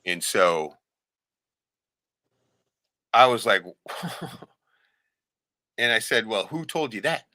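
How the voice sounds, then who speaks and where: An animated man telling a story on his podcast, cursing freely and tagging "right?" onto nearly every line. His voice is bright and forward, with a lively, swooping pitch, and it sounds dry and close to the mic. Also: extremely slow, pauses often, dry recording. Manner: profane, animated, keeps asking "right?"; acts out quoted voices, shouting them. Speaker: podcast host. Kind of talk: casual storytelling chat.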